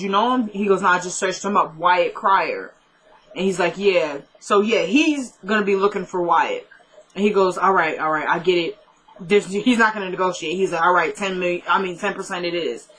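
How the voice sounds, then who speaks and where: A woman's voice: lowish voice, a bit bright, breathy edge, poor audio. Chatty young woman recapping a TV episode. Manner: chatty, quotes characters in quick back-and-forth, laughs at own jokes. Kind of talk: casual recap of a TV drama episode.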